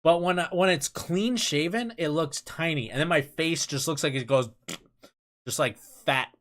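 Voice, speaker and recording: A man's voice: on the high side, measured pace, a bit bright. A young man hosting a livestream, chatting casually and rambling, laughing often and reading viewer comments aloud from his desk at home. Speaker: livestream host. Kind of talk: casual chat with stream viewers.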